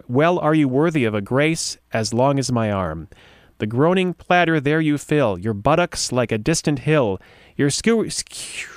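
A man's voice: medium pitch, dry recording, clean studio sound. A man hosting a casual show, reading odd news items aloud and breaking in with amused asides, sometimes stumbling and restarting a line. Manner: chatty, amused asides between read-out passages. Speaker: podcast host.

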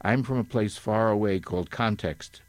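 A man's voice: lowish voice, moderate pace, no room sound, lightly acted. An older man reading aloud as a grimy, malicious male bird who twists every word, haughty and cackling. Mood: gleeful.

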